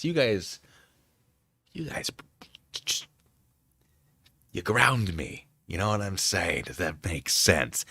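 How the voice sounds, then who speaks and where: A man's voice: deep voice, very animated, takes it slowly, pauses often, pushed and bright, husky, dry recording, clean studio sound. A man hosting a live stream, chatting in a rambling, self-deprecating way at a desk microphone. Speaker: streamer host. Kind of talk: casual live-stream chat.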